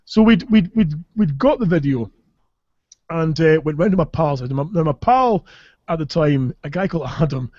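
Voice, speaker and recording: A man's voice: a little high, animated, moderate pace, dark tone, no room sound, highs cut off. A man from Caithness with a Scottish accent, a podcast host telling rambling, sweary comic stories and laughing as he goes. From Caithness, Scotland. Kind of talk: casual comic storytelling.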